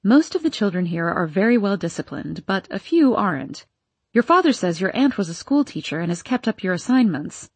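Kind school principal, read by a woman, reassuring, husky tone. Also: mid-range voice, big pitch swings, brisk, no echo. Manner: sympathetic, reassuring. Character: kindly female school principal.

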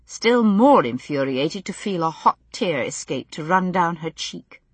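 A woman narrating a novel as an audiobook, in a measured storytelling manner. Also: lowish voice, expressive, slightly rough, no room sound. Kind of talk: scripted narration.

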